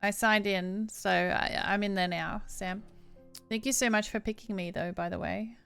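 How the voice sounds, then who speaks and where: An Australian woman hosts a live game stream with a smooth, clean voice. She chats easily with her viewers and reads the on-screen lines with feeling. Soft game music plays faintly underneath. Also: medium pitch, fairly even intonation, moderate pace. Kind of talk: live game playthrough, reading dialogue aloud.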